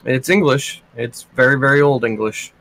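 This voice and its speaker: A man's voice: medium pitch, moderate pace, vocal fry, a bit bright, a little hiss or hum. A man playing a tabletop role-playing game, speaking in a hesitant way with restarts. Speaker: player.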